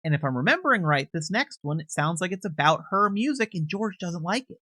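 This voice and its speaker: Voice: medium pitch, sing-song, a little fast, pushed and bright, no echo, clean studio sound. A commentator casually recapping video footage in a conversational, hedging way, with frequent restarts and unsure asides.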